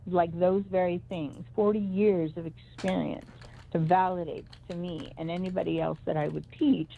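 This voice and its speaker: The caller is a middle-aged psychic reader whose fairly low voice carries vocal fry. She tells her own story on a call-in show, rambling and emphatic with many restarts, and the phone line sounds tinny.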